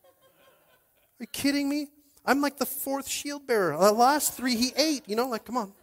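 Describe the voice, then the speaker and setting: A man voicing a nervous shield bearer who frets in a high, chatty voice. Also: unhurried, big-room sound.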